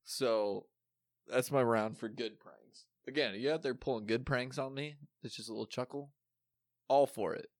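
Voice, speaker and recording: A young man telling a story in casual chat, animated and swearing, acting out what people said. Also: mid-range voice, moderate pace, no echo. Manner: animated, swearing, acts out quotes.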